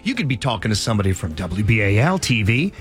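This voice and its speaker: Lively-voiced radio host man. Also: on the low side, fast, faint music behind. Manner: jokey, plugs the phone number. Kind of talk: morning radio banter. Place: radio studio. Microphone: studio mic.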